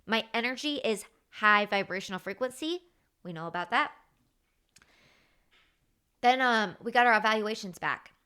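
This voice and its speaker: A woman, hosting her own podcast and telling work stories in a chatty, animated way, acting out what others said. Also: on the high side, moderate pace, long pauses, smooth. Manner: animated, chatty, acts out quoted dialogue. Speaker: podcast host. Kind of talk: casual storytelling monologue.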